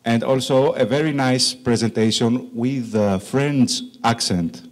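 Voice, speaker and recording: A man with a Greek accent shaped by Italian, giving a conference presentation as a country manager, joking about his English and slowing down for emphasis with many fillers. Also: mid-range voice. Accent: Greek with Italian influence. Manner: jokey, slow emphatic asides, frequent uh fillers.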